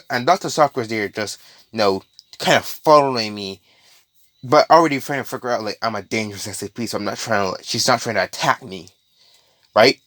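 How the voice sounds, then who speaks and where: A man's voice: medium pitch, fairly bright tone, no echo. A man casually improvising a made-up story, rambling with many restarts and asides.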